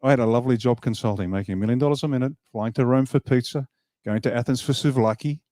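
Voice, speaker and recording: A party leader gives an emphatic, animated motivational speech at an event hall, joking with the crowd. His medium-pitched voice is fast, and the recording is dry and studio quality.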